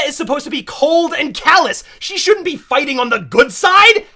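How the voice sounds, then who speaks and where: A woman's voice: sits high, big pitch swings, moderate pace, few pauses, pushed and bright, slight background noise. A woman reviewing a cartoon with sarcastic, ranting commentary and mock outrage.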